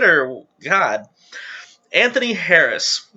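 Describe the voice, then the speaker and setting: Bright-voiced man reading jokes, giggly. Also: high-pitched, sing-song, slow, muffled recording. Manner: chatty, giggly, self-deprecating asides. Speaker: channel host reading viewer jokes. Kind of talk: casual reading aloud to camera.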